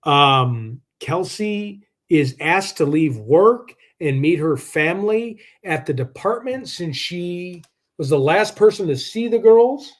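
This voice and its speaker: A man hosting a live true-crime stream in a rambling, combative way. His voice sits a little higher than most men's. He fills his talk with "like" and restarts. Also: animated, slow pace. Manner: rambling, combative, heavy use of "like".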